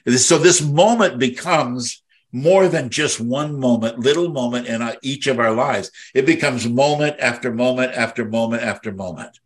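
An older man speaks at normal speed in a mid-range voice as he hosts a devotional podcast as a minister. His talk is impassioned and meandering, full of heart, and it swells when feeling moves him.

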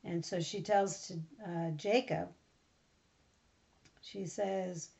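A woman reading a scripture passage aloud at a steady pace, then explaining it in plain words with some fillers. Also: on the low side, takes it slowly, vocal fry. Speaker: Bible study teacher. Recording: dull lo-fi recording.

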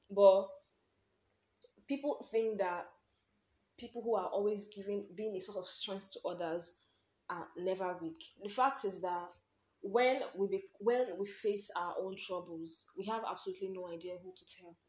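A young Nigerian woman hosting a podcast, candidly telling personal stories with lively slang and laughter. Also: medium pitch, normal speed, reverberant. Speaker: podcast host. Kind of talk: personal storytelling monologue.

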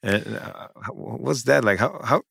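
A man hosting an interview, asking questions haltingly and searching for words. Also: medium pitch, animated, gravelly, fairly bright tone, breathy edge, no room sound, clean studio sound. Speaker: host, interviewer.

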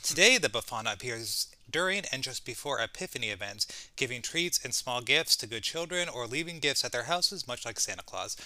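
A man's voice: mid-range voice, animated, fairly quick, few pauses, sharp tone, dry recording. A man co-hosting a podcast in casual chat, joking and sarcastic, sometimes reading from his notes. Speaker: podcast co-host.

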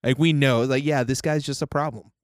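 A man's voice: mid-range voice, fairly even intonation, no room sound, studio quality. Wisecracking man chiming in. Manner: chimes in with quick wisecracks and asides. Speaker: podcast co-host. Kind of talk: casual chat.

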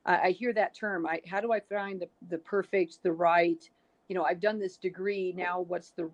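Her voice is on the low side and steady, at normal speed, with a lo-fi sound. The middle-aged woman is hosting a casual podcast interview, encouraging her guest while thinking out loud and restarting frequently.

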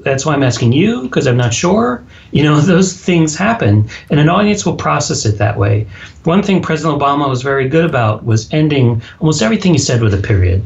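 A man being interviewed as a public speaking coach, speaking firmly and deliberately, ending his sentences flat. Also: a little high, vocal fry, highs cut off. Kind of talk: podcast interview.

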